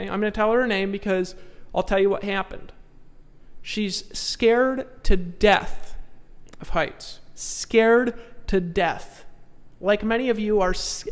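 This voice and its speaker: In a large hall, a man working as a sales trainer spurs his seminar audience on with repeated brief commands. He moves between hushed storytelling and loud exhortation. His voice sits high with a clean tone.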